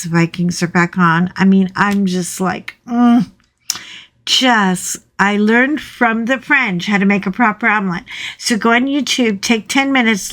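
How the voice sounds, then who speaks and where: A woman chatting casually to her viewers, rambling from one thought to the next with lively asides. She takes her time, speaking at an unhurried pace in a middle-pitched voice. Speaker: vlogger. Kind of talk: casual chat.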